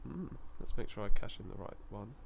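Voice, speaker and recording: A man's voice: on the low side, animated, a little fast, gravelly, background noise. A man hosting a live stream and chatting in a rambling, easygoing way, often breaking into laughter. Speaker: coin-hunting live streamer. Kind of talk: casual live-stream chat.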